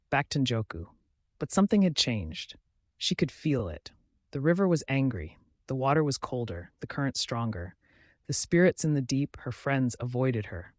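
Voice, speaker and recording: A man narrating a folktale in a dramatic, measured way. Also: mid-range voice, dry recording, clean studio sound. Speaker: storyteller.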